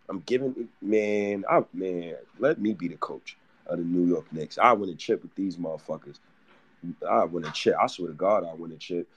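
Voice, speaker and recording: A man co-hosting a casual sports podcast, talking with profanity and acting out how he would coach. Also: on the low side. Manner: profane, animated, playacts as coach. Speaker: podcast co-host.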